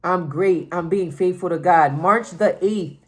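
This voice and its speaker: A woman's voice: lowish voice, a little slow. A young woman sharing a personal faith testimony in a casual, emphatic way, repeating phrases and saying "like" often.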